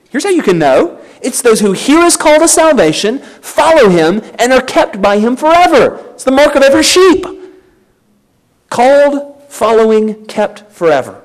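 A man preaching a sermon, emphatic and exhorting his listeners directly. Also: sits high. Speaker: pastor.

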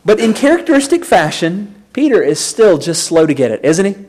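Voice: mid-range voice, very animated, a little fast, darkish tone. A preacher delivering an expository sermon, emphatic and turning to the congregation with rhetorical questions.

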